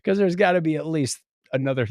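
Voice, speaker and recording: A middle-aged man co-hosting a casual podcast, jokey and animated, with sudden loud exclamations. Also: on the high side, fast talker, dry recording, clean studio sound. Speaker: podcast co-host. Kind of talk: casual chat.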